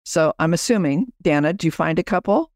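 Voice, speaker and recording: A woman's voice: low voice, expressive, fairly quick, no room sound, studio quality. A woman podcast host and business coach, chatting as she explains her program and guides listeners through an exercise.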